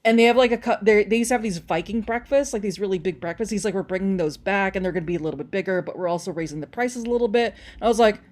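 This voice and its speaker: Chatty woman telling animated stories. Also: medium pitch, rapid-fire, few pauses. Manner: animated storytelling, lots of "like". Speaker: podcast guest. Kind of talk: casual chat.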